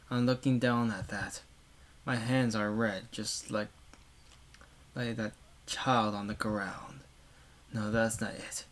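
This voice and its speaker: Man stumbling through a visual novel reading. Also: fairly low pitch. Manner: stumbling reader, wry offhand comments. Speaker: let's play narrator.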